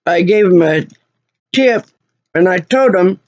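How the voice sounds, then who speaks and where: A woman's voice: on the low side, animated, measured pace, darkish tone, dry recording. Indignant woman, muffled audio. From Oklahoma. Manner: indignant, repeats herself, voice rising. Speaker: vlogger. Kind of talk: angry personal retelling of an incident. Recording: muffled lo-fi recording.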